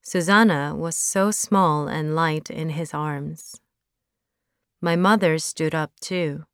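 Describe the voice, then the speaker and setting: Slow, smooth woman reading a story. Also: sits low, fairly even intonation, no echo, clean studio sound. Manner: slow, careful. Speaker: narrator.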